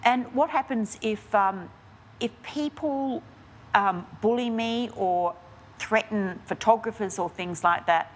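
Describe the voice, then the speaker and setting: An Australian investigative journalist, appearing as a guest, answers interview questions candidly and animatedly in a medium-pitched voice, taking her time. She restarts often and uses lots of fillers, with slight background noise in the recording.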